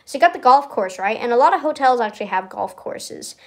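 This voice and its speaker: A woman's voice: fairly high pitch, expressive, fast. A young woman streamer giving a casual, rambling tour of a building in a game, giggling often and stalling on many fillers.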